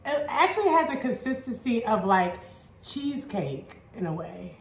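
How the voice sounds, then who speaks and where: A woman, chatting excitedly while she cooks in a casual vlog. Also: fairly high pitch, moderate pace, echoey room, a little hiss or hum. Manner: chatty and excitable, laughs easily. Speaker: fitness vlogger cooking at home. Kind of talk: casual cooking vlog chat.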